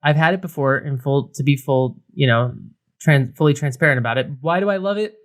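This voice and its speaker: A man's voice: mid-range voice, a little fast. A man co-hosting a beer podcast, talking casually with lots of fillers and restarts. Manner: rambling, many fillers and restarts. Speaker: podcast co-host. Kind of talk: casual beer review chat.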